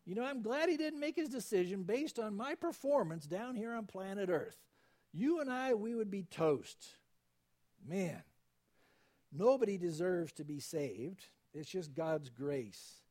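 A man preaching a sermon, quoting scripture and slowing down to stress key points. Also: on the high side. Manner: animated preaching, quoting scripture, slows for emphasis. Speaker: pastor.

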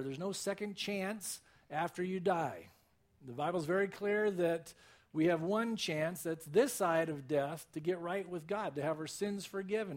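Earnest male pastor delivering a sermon, voice sitting a bit high. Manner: earnest, storytelling preacher.

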